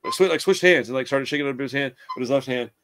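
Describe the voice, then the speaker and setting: A man's voice: mid-range voice, very fast, fairly bright tone, slight background noise. A young man telling rambling stories in casual chat, swearing a lot and calling people dude and bro.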